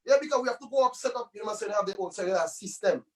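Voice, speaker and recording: Male musician guest with a high voice, loose chatty storyteller, recorded a bit far from the mic. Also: expressive, racing. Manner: loose, rambling, with many tag phrases. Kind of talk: casual storytelling interview.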